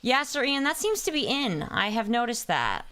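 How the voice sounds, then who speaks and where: A woman's voice: fairly high pitch, sing-song, moderate pace, pushed and bright, clean tone. A young woman streaming a game, chatting casually, getting distracted, and answering her chat by name. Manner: playful, hums nonsense sounds while playing. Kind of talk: casual live-stream chat while gaming.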